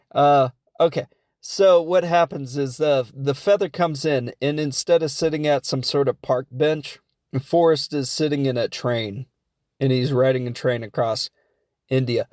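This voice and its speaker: A man's voice: fairly high pitch, a little mellow, dry recording, clean studio sound. A man with a Midwestern American accent, hosting a podcast and recapping a film in a rambling, jokey, self-deprecating way. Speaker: podcast host. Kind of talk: casual comedic film recap.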